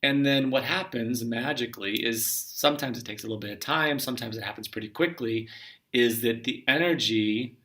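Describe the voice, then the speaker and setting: Male spiritual teacher, gentle and musing, clear bright timbre, recorded from a slight distance. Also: mid-range voice, moderate pace. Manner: gentle, musing, often trails off softly. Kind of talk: reflective solo talk.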